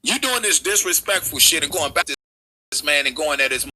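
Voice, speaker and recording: A man's voice: a little high, expressive, fairly quick, sharp tone, low-quality recording. A man hosting a livestream, delivering a heated, profane, confrontational rant.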